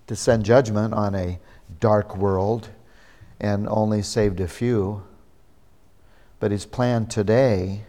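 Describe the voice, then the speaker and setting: A pastor preaching a sermon, a man who speaks slowly and deliberately, pausing for emphasis. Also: fairly low pitch, a little mellow.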